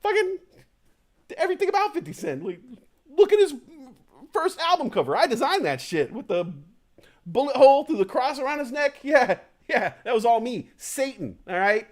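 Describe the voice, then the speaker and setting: A man's voice: very high-pitched, big pitch swings, moderate pace, pitched above the performer's own voice, heavily acted. A man voicing a boastful, brash male Satan who swaggers and swears a lot.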